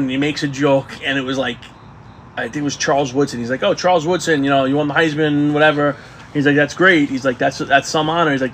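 A man co-hosting a podcast in casual chat, swearing freely and telling stories in an animated way. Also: on the high side, slight background noise. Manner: profane, animated storytelling. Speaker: podcast co-host.

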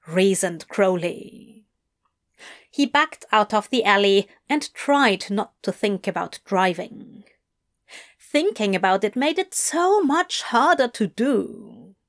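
Slow, wry woman narrator. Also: mid-range voice. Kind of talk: storybook reading.

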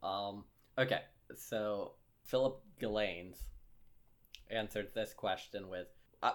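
A man hosting a podcast, chatting casually in a brisk, wry, teasing way. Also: lowish voice. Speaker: podcast host. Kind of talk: casual chat.

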